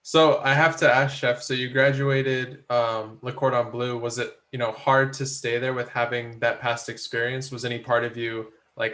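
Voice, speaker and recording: Flat, bright-voiced man. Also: medium pitch, moderate pace, hardly any pauses. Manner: hesitant, asks questions. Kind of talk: casual chat.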